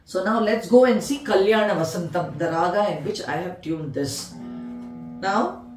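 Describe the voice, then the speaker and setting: A woman's voice: mid-range voice, measured pace, reverberant, distant mic, music in the background. A woman teaching veena in a patient tutorial, counting beats and naming the notes one by one. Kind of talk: music tutorial explanation.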